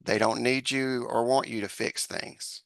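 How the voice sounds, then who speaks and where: A man's voice: mid-range voice, fairly even intonation, a little slow, gravelly, no room sound. A man speaking as a podcast guest, giving earnest advice with hesitant restarts and acted-out example dialogue. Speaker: podcast guest, social psychologist. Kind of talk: conversational advice in an interview.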